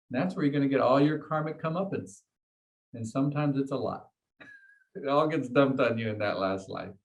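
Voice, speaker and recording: A man's voice: medium pitch, rough recording. A man leading a meditation class, explaining ideas to his students in a conversational way and often checking in with "okay?" and "right?". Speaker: meditation teacher.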